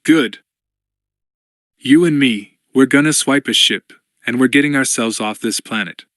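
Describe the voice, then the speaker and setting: A man's voice: medium pitch, measured pace, fairly bright tone, no echo, studio quality, lightly acted. A man doing a cocky young pilot. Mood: confident. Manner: breezy, self-assured, easygoing. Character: cocky young male pilot, confident and reassuring.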